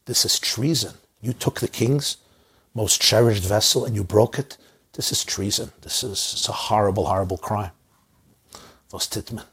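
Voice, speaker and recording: A grave courtier of the palace who pronounces doom with slow, emphatic repetition, as a preacher voices him. The voice is low and husky. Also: male voice, fairly bright tone. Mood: alarmed. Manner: grave, emphatic, repeating himself. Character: grave male royal courtier, alarmed.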